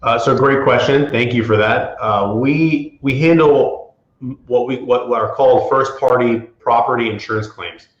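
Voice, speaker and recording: A man's voice: medium pitch, a little slow. A man from the Florida Panhandle, an attorney and guest, talking casually with many fillers and restarts. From Florida Panhandle, USA. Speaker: property insurance attorney, guest. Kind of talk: casual interview talk. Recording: roomy, dull lo-fi sound.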